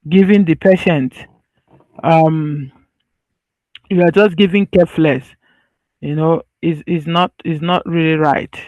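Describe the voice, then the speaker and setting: A man's voice: sits high, darkish tone, no room sound, muffled recording. A man teaching medicine over slides. He talks in a loose, conversational way and repeats his points so they stick. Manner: conversational, loose phrasing with restarts. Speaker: medical lecturer.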